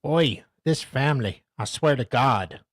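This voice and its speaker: A man's voice: mid-range voice, animated, a little slow, no room sound. A man putting on an exaggerated Australian accent as a boisterous bloke reading out text messages, tacking "mate" and "eh" onto every line. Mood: mocking. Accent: put-on exaggerated Australian. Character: boisterous ocker Aussie bloke reading out texts.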